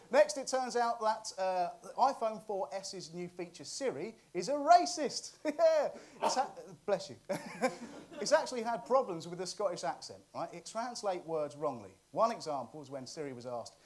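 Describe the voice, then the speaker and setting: A man hosting a comic news monologue, cheeky and often laughing at his own jokes. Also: on the high side. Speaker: comedy show host.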